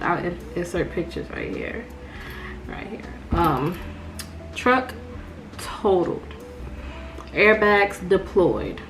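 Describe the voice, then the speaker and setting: A young woman tells a story to her viewers in a storytime vlog. She talks slowly and with a lot of animation, and she keeps calling the audience y'all. A faint hiss sits under her voice. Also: fairly low pitch, a bit bright. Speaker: vlogger.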